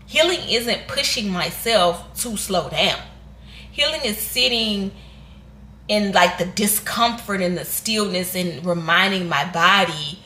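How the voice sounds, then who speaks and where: A woman's voice: mid-range voice, bright, forceful tone. A woman, talking candidly in a sit-down reflective vlog, rambling and restarting as she goes. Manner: candid and rambling, with restarts and Southern US American slang. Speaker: vlogger. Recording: echoey room.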